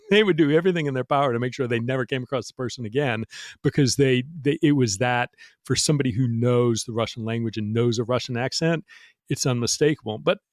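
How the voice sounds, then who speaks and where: A man's voice: mid-range voice, very animated, a little fast, no room sound, clean studio sound. A middle-aged man, a guest in an interview, explaining things frankly in a rambling, casual way full of restarts. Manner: rambling, frank, peppered with "you know" and restarts. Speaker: guest, former counterintelligence agent.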